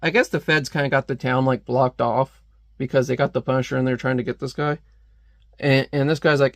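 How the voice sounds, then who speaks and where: A man's voice: medium pitch, steady tone, a little fast, no room sound. A man giving a chatty, amused, casual comic book review.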